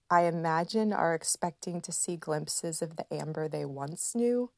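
A woman in her thirties hosting a podcast, speaking in a slow, gentle and emotional personal reflection with soft laughs. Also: fairly low pitch, expressive, vocal fry, no echo, studio quality. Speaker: podcast host.

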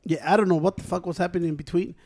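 Fast, high-voiced guy. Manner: profane, mixes English and Spanish, animated storyteller. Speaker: podcast co-host. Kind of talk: casual chat.

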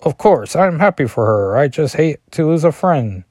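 Man doing a gentle male mutant, clumsy fake German accent, raised pitch, dry sound. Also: sing-song, normal speed, husky, dry recording. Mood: wistful. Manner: amateur put-on German accent.

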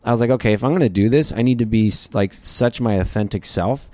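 Lowish-voiced man rambling casually. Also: fast talker, a little mellow, no room sound. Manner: loose, rambling, many fillers. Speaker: podcast guest. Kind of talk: casual interview chat.

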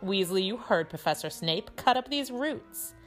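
A woman's voice: mid-range voice, expressive, normal speed, faint music behind, pitched above the performer's own voice, lightly acted. A woman reading aloud and voicing a smug, spoiled schoolboy bully who drawls mockingly. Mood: whiny.

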